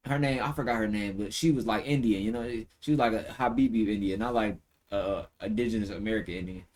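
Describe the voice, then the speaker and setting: A man with a slightly low voice talks straight into his stream in a loose, slangy rant, swearing freely. He often breaks into high-pitched mocking impressions, and at times his voice drifts farther from the mic. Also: fast. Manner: loose and profane, full of slang fillers. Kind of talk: casual reaction-stream rant.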